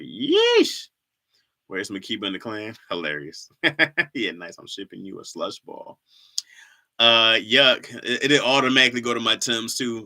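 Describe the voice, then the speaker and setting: A man's voice: mid-range voice, bright, forceful tone. A young man from Michigan hosting a casual livestream, reading viewer comments in loose slang and laughing often. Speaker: livestream host.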